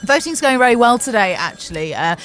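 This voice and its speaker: A woman contributing to a radio show, giving a brisk, matter-of-fact comic report on air. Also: on the high side, big pitch swings, a bit bright, soft background music.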